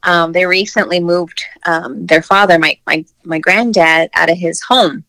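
Brief: woman, low pitch, relaxed and hesitant in casual chat, dry close sound. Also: a little slow, no room sound. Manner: laid-back, with hesitant fillers.

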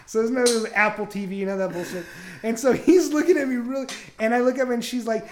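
A man's voice: very high voice, a little fast, slight background noise. A man on a podcast telling a crude story in a casual, rambling way, laughing often. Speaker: podcast host.

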